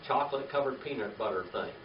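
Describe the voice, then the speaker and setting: A man's voice: medium pitch, fast. Man teaching a Bible class in an echoey room. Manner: asks the class questions, repeats key words, checks in with "all right?". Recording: distant, echoey, dull room recording with faint hiss.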